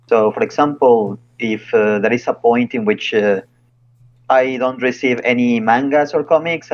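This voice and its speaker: Male guest, careful and halting, muffled lo-fi mic. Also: on the low side. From Mexico. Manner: careful, hesitant, many fillers. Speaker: guest, translator and professor. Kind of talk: casual interview chat. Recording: slightly dull, lo-fi audio.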